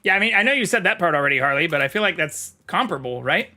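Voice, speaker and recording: A man's voice: fairly high pitch, lively intonation, rapid-fire, sharp tone. A man chatting casually on a live stream, reading chat aloud and swearing freely. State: talking with mouth full.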